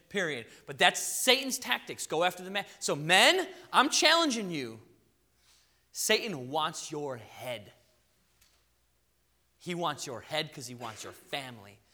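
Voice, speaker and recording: A married man preaching a sermon in a lively, conversational way, firing rhetorical questions at the congregation and acting out quoted voices. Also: high-pitched. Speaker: pastor.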